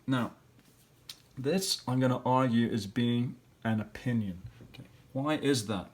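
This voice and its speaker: A man's voice: medium pitch, unhurried. Guy teacher going over a worksheet, sounding out letters and syllables. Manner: thinks aloud step by step. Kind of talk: classroom lesson walkthrough.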